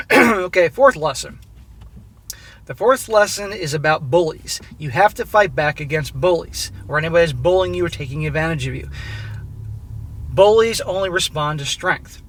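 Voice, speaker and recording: A man's voice: on the high side, animated, moderate pace, fairly bright tone, a little hiss or hum. A man in his forties from Southern California gives blunt, profane life advice to his viewers and keeps calling them "guys.". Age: 40s. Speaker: advice channel host. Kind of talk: casual advice monologue.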